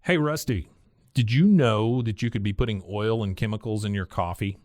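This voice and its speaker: A man's voice: normal speed, a little mellow, no echo, studio quality. Chatty man doing a podcast ad read. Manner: chatty, conversational sponsor pitch with fillers. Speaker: podcast co-host reading an ad. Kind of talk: casual ad read.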